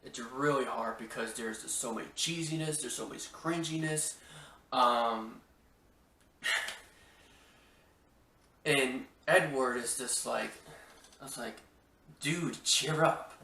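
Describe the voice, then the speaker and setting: A man from Washington State talks through a casual podcast review at an unhurried pace, piling up exclamations and tripping over his restarts. His voice has a bright, forceful edge. He sits a little back from the mic in a roomy, echoing space. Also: medium pitch, slight background noise. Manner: rambling, exclamatory, stammers on restarts. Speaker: podcast host. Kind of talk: casual movie review chat. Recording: roomy echo, mic at a distance.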